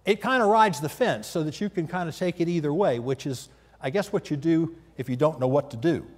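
A man's voice: a little high, brisk. A man preaching a Bible teaching sermon in a conversational way, often asking his listeners questions. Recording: long hall reverb.

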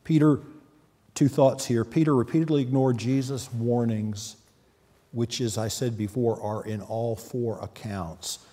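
A man's voice: medium pitch, steady tone, measured pace, dark tone. A man preaching a sermon, earnest, with sudden emphatic peaks. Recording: long hall reverb.

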